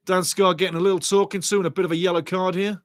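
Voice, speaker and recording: Middle-aged man, lively football watch-along commentary, slightly high voice, dry close sound, chatty and excitable. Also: very fast, no room sound. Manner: excitable, chatty, reads viewer comments aloud.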